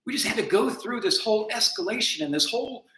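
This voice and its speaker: A man telling a personal story in an earnest, self-critical monologue, going from quiet and subdued to emphatic. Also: high voice, animated, quick pace. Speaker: vlogger. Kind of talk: confessional monologue. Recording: echoey room.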